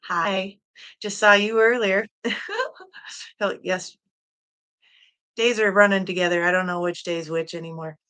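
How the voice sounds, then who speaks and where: A woman's voice: on the low side, little pitch movement, unhurried, long pauses, sharp tone, clear, resonant tone. A woman from Michigan hosting a casual solo livestream from home, chatty and giggly as she greets viewers by name. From Michigan, USA. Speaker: livestream host. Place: at home, in a room with a quilt hung on the wall.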